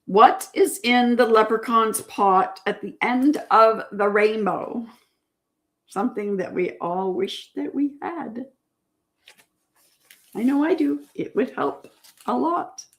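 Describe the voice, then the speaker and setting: A woman's voice: on the high side, takes it slowly. A woman hosting a casual livestream trivia chat, patiently repeating each question and reading out viewers' answers. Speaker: livestream host.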